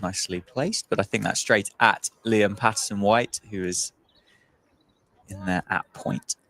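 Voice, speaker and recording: A man calling live cricket play-by-play in a measured, agreeable way. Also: fairly low pitch, steady tone, pushed and bright. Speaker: cricket commentator. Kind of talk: live sports commentary.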